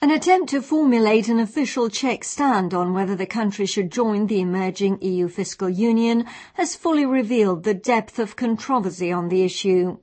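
A woman news reporter narrating a scripted report in a clear, formal voice. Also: mid-range voice, normal speed, darkish tone.

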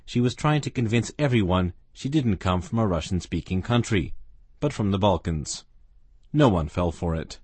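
A man reading a passage from a novel aloud in a calm, steady storytelling manner. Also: deep voice, husky, no echo. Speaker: reader of a novel excerpt. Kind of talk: literary reading.

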